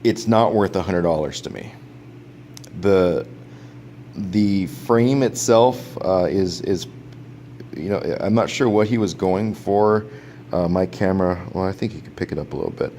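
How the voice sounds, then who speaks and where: A man's voice: low voice, unhurried, warm tone, a little hiss or hum. A man casually reviewing a gadget in a vlog, rambling with lots of fillers and restarts and frequent chuckles. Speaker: product reviewer.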